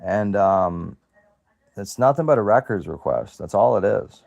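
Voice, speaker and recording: A man's voice: on the low side, lively intonation, unhurried, gravelly, darkish tone, highs cut off. Profane, sarcastic man ranting. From United States. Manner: profane, sarcastic, repeats himself and trails off. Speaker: self-represented litigant. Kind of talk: angry direct-to-camera rant.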